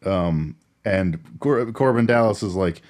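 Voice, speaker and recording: A man co-hosting a casual movie podcast, rambling through the plot with laughs and quick character impressions. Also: low voice, lively intonation, darkish tone. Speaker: podcast co-host. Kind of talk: casual movie recap chat.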